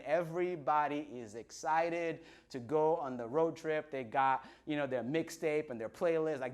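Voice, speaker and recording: A man preaching to an online congregation, playfully retelling scripture in modern slang and acting out the people's lines. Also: on the high side. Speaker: pastor.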